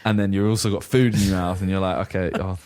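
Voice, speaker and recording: Young man, lowish voice, relaxed podcast chat. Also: quick pace. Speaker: podcast co-host. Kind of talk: casual chat.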